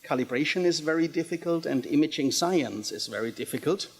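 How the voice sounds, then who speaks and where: A man with a German accent giving a technical conference presentation in a theater, halting and full of fillers, with a dry humor. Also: a little high, animated, husky. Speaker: presenter at a tech expo. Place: theater stage.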